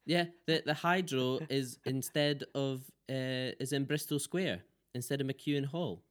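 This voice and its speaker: A Scottish man talks casually as a podcast guest, animated and quick to laugh. His voice has an ordinary, medium pitch. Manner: laughs often, animated storytelling. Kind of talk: casual chat.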